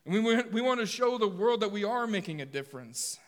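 A man preaches to his congregation in a sermon, speaking with energy and dropping in jokes with the people in front of him. His voice sits a little high for a man. The sound rings out with the long reverb of a big hall. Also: brisk. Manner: animated, joking asides with the congregation. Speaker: pastor.

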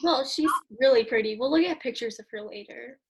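A woman's voice: fairly high pitch, a little fast, noisy background. A teenage girl co-hosting a casual podcast, telling the story in a chatty, giggly way. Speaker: podcast co-host. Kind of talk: casual chat.

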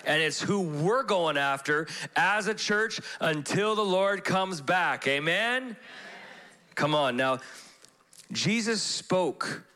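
Man preaching an animated sermon. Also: high voice, takes it slowly. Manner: animated, acts out voices in stories. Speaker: pastor. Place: church.

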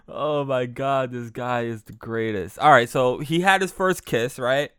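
A man hosting a podcast, giving crude comic commentary on clips, laughing often and excitable. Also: medium pitch, measured pace, few pauses, clean tone, dry recording, clean studio sound. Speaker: podcast host.

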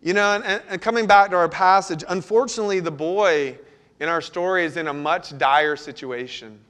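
Earnest higher-voiced male pastor preaching. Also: moderate pace, a bit bright. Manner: earnest, pleading when voicing prayers. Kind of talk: sermon.

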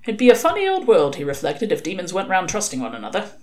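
A woman reading a novel aloud with lively, expressive narration. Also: fairly low pitch, quick pace. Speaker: reader.

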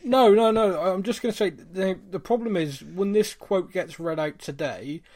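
A young man with a West Country accent chats on a podcast, his voice sitting a little high. He jokes easily and reads listener questions aloud in a loose, conversational way. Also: moderate pace, darkish tone. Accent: West Country English. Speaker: podcast co-host. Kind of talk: casual podcast chat.

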